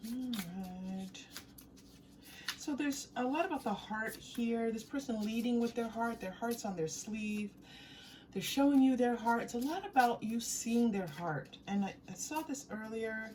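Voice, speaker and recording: A woman with a higher-pitched, lively voice does a tarot reading for her viewers, speaking a little slowly over slight background noise. She's chatty, warm and giggly, often breaking into laughter and repeating phrases as she thinks out loud.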